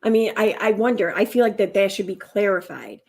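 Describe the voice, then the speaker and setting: A woman's voice: mid-range voice, expressive, fairly quick, creaky. A woman commentating casually on a clip, musing with sarcasm and many fillers.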